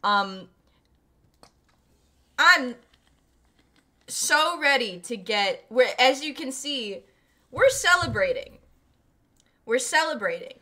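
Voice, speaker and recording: A woman's voice: high voice, takes it slowly, long pauses. A woman in her twenties hosting a casual livestream, giggly and a little tipsy, chatting to her viewers. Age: 20s. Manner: giggly, animated, talks to chat. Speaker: streamer host.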